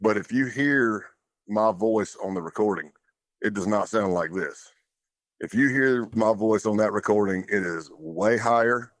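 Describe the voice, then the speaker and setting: A man's voice: on the low side, measured pace, no echo. A man talking as a podcast guest, telling his story in a plainspoken, loose way with casual fillers. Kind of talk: conversational storytelling.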